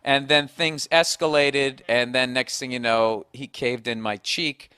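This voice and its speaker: Brief: profane ranting male host, mid-pitched, dry studio sound. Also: fairly even intonation, unhurried, bright, forceful tone, smooth, dry recording. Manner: blunt, profane, ranting, self-mocking. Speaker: podcast host. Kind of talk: casual chat.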